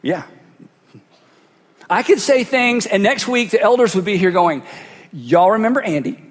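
Man, pastor, sermon, high voice, dramatic loud-to-hushed delivery, long church reverb. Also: measured pace, a little hiss or hum. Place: large church hall. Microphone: cheek-worn headset mic.

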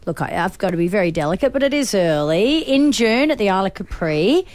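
A woman co-hosting a radio show, teasing and expressive in banter. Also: medium pitch, brisk, no room sound. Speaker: radio co-host.

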